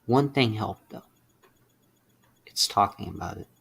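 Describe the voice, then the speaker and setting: Tearful low-voiced young man, gravelly. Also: a bit bright. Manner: halting, tearful, swearing in frustration. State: close to tears. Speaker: streamer. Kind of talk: emotional personal confession.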